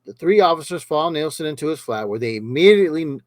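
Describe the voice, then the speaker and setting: A man's voice: on the high side, animated, brisk, no room sound. A man hosting a true crime podcast, reading the case aloud steadily with small stumbles and casual asides.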